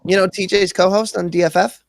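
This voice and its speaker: A man hosting a loose livestream, cursing freely and poking fun at himself. His voice sits a little high with a gravelly fry running through it. The sound is dry and close, with no room echo. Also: fairly even intonation, a little fast. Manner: crude, swearing, self-mocking. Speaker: livestream host. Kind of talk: casual livestream chat.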